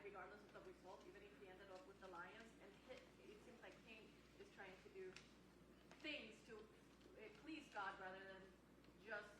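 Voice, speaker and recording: A woman from the congregation giving a thoughtful, hesitant answer during a Bible study. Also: medium pitch. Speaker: congregation member. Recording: distant roomy pickup with noise.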